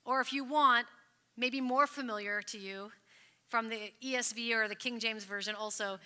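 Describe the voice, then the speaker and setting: A woman pastor preaching at a livestreamed church service, chatty and playful, and slowing down when she reads scripture. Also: a little high, pushed and bright. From Canada. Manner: conversational and playful, reading scripture slowly. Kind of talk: sermon.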